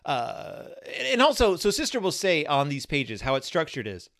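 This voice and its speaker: A man's voice: on the high side, sing-song, moderate pace, fairly bright tone. A man in his forties giving a chatty, amused review of a children's picture book, full of rambling asides. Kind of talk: casual book commentary.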